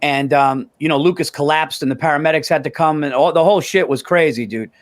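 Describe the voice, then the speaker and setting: A man's voice: on the high side, quick pace. A middle-aged man co-hosting a sports podcast, telling a long story in a rambling, profane way. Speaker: podcast co-host. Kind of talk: casual sports chat.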